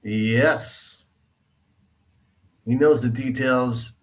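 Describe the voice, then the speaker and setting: A man's voice: mid-range voice, steady tone, very slow. A man with a mid-range voice chats over a video call. He teases and jokes, easygoing, as he tallies his calls. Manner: playful, teasing, joking. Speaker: real estate agent cold calling.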